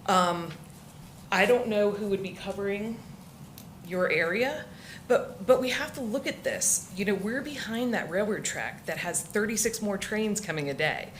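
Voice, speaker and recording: Woman from Florida, resident comment, emotional and halting, faint hiss behind. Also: medium pitch. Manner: emotional, halting, many restarts. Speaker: resident speaking at public comment. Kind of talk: public comment at a council meeting.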